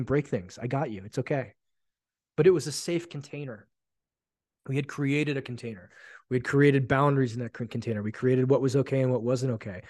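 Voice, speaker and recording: His voice sits at medium pitch and is a little mellow, captured at studio quality without echo. The man, in his forties, hosts a podcast alone and tells stories bluntly and emphatically, swearing often.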